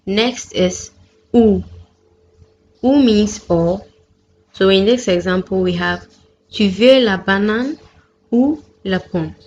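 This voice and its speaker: A woman teaching a beginners' French lesson, reading out each example clearly and carefully. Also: medium pitch. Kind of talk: slow, deliberate lesson narration. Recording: dull lo-fi sound with faint background noise.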